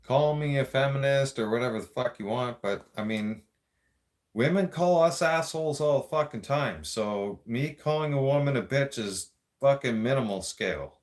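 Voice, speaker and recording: A man with a Toronto Canadian accent, hailing from the Greater Toronto Area, vents to camera in a vlog monologue that's blunt, sarcastic and full of profanity. He has a medium pitch, lively intonation and a moderate pace.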